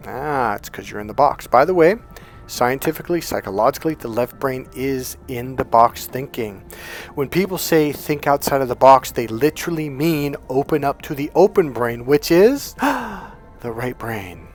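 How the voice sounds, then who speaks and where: A man's voice: medium pitch, moderate pace, faint music behind. Blunt, profane male dating coach. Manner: blunt, profane, quotes people in put-on voices. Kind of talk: coaching monologue.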